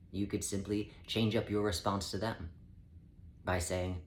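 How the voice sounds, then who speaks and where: Speaking for a collective as "we", a male channeler with a deep-ish voice delivers calm, measured spiritual guidance in a self-help vein. Behind him there's roomy echo, faint ambient noise, and a slight hum.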